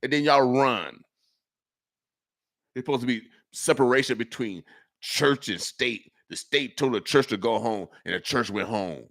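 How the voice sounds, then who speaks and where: A man from Nebraska hosting a morning radio show, talking in an animated way that repeats itself and exhorts like a preacher. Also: mid-range voice, unhurried, vocal fry. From Nebraska, USA. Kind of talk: casual radio talk. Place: radio studio.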